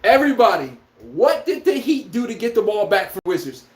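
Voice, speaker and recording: Man ranting on his sports podcast, lively swooping pitch, echoey room, profane, rhetorical questions. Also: a little fast. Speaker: podcast host.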